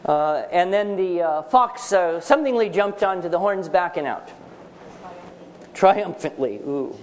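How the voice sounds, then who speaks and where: A man's voice: high voice, expressive, a little slow. Emphatic man teaching a writing workshop. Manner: emphatic, joking, quizzes the audience. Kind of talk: workshop lecture to parents. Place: seminar room with live audience.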